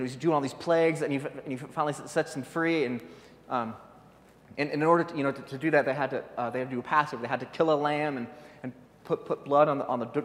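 Halting male preacher in a reverberant hall. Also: fairly high pitch. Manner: halting, repeats words and restarts often. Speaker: guest speaker. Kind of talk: informal sermon.

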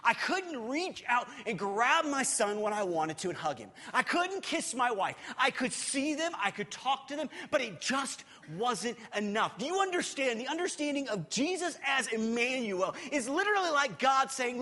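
A man preaching a sermon as pastor in a church hall. He is emphatic and swings between loud and hushed, repeating words as he gathers his thoughts. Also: very high voice, sing-song, normal speed, few pauses.

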